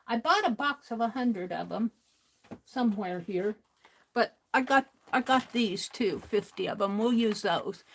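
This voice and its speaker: Chatting away to viewers as she crafts on a livestream, this woman laughs frequently. Her medium-pitched voice is animated yet unhurried.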